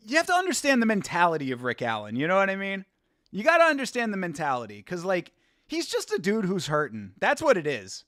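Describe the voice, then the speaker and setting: Lively high-voiced man chatting on stream. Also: fairly quick, dry recording, clean studio sound. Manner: rambling, laughs often, reads chat aloud. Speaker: watch-along host. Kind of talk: casual live-stream chat.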